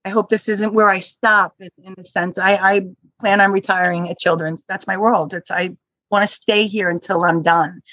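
A woman who manages hospital security, chatting as a podcast guest and telling stories with lively acted-out quotes. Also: mid-range voice, normal speed, no echo, low-quality recording. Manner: lively storyteller who acts out quoted exchanges. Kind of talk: casual interview chat.

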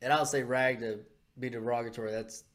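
A man hosting a podcast, telling a story in a rambling, animated way with lots of swearing. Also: medium pitch, fast. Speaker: podcast host. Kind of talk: casual profane chat.

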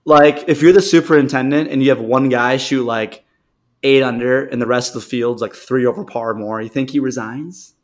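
A man's voice: mid-range voice, steady tone, moderate pace. Rambling storytelling man, casual chat. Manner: rambling storyteller, acts out quoted people. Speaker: podcast co-host.

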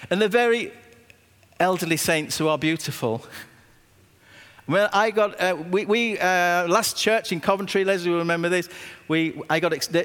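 A man, a pastor preaching a sermon with stories and emphatic repetition, slowing down when he quotes scripture. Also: sits high, a bit bright. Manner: anecdotal, emphatic, slows down on scripture. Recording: long reverb of a hall.

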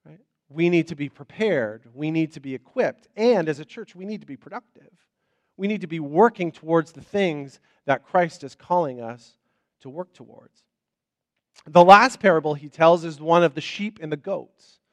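A man's voice: a little high, normal speed, no room sound. A man preaching as a pastor in an informal, conversational sermon. He often repeats words, restarts his sentences and checks in with "right?".

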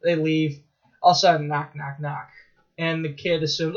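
Rambling excitable male podcaster, high voice, dull lo-fi sound. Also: normal speed. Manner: rambling, excitable storytelling with laughs and profanity. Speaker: podcast co-host. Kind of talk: casual chat.

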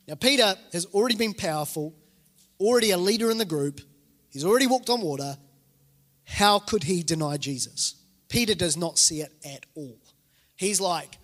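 A lively New pastor in his forties preaches a sermon, his high voice swinging widely as he acts out the people in his stories. His voice carries the long reverb of a church hall. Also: moderate pace. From New Zealand. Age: 40s. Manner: animated storytelling, acting out quoted voices.

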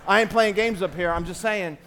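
Pastor, male, 40s, high voice, casual preaching style that calls on the congregation. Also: brisk, pushed and bright. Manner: conversational preaching with call-and-response. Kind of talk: sermon. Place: church sanctuary.

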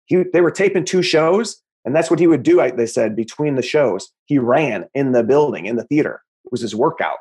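A man in his forties, a guest comedian chatting casually, easygoing and quick to laugh. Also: mid-range voice, lively intonation, a little mellow, breathy edge. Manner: easygoing, laughs often, says "dude".

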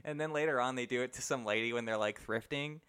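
A man's voice: mid-range voice, fast talker, clear, resonant tone. A young man co-hosting a casual movie podcast, laughing often and acting out lines from the film. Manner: animated, laughs often, quotes characters. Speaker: podcast co-host.

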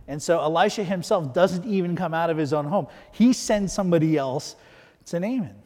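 A man's voice: fairly high pitch, moderate pace, darkish tone, long reverb tail. A man preaching a sermon as pastor, talking conversationally and asking rhetorical questions.

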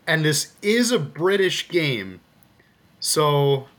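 A man's voice: a little high, sing-song, drawn-out words, a bit bright. A man co-hosting a podcast over a video call, chatting in an easygoing, talkative way. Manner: easygoing, chatty, laughs easily. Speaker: podcast co-host. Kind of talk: casual chat.

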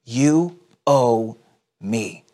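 A man's voice: mid-range voice, expressive, very slow, mellow. A man reading the lines of a male servant in debt. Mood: demanding. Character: indebted male servant, pleading then demanding.

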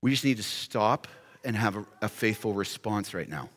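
A man's voice: on the low side, normal speed. A man preaching as a pastor, giving an impassioned altar call full of repeated rhetorical questions. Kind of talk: sermon. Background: soft music playing.

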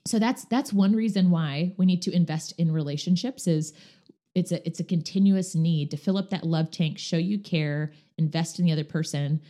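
A woman chatting in a relaxed, conversational way, her voice sitting a little low and sounding mellow and warm. She tells stories with animation, slipping into the voices of the people she quotes. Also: normal speed. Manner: animated, acts out quoted dialogue. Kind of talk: casual conversational storytelling.

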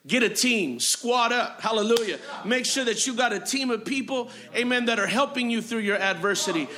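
A man's voice: extremely high pitch, expressive, moderate pace, pushed and bright. A man preaching a sermon as pastor, driving his points with repeated phrases and frequent amens and hallelujahs. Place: church sanctuary.

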